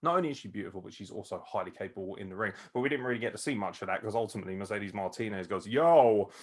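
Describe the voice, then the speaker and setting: Excitable man ranting about wrestling. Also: fairly low pitch, very fast. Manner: excitable, swears freely, laughs often. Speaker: podcast host. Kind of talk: casual wrestling review commentary.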